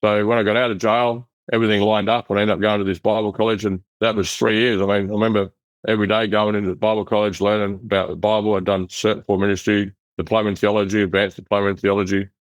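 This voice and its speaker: Aussie bloke rattling off a story quick, low-ish voice, rough and blunt, dry close sound. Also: male voice, no room sound, highs cut off. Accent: Australian. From Western Australia. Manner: rough, blunt and animated, acts out the voices he quotes. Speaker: interview guest. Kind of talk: casual storytelling.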